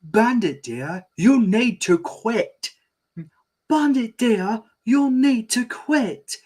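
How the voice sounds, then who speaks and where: A man voicing a gentle, tired mother cartoon dog, raising his voice into a soft falsetto. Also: animated, drawn-out words, heavily acted. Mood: stern.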